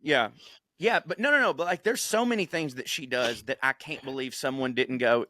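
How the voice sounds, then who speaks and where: A man co-hosting a podcast, telling a story in casual chat, profane and animated, putting on funny voices for quotes. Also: mid-range voice, moderate pace, no room sound, clean studio sound. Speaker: podcast co-host.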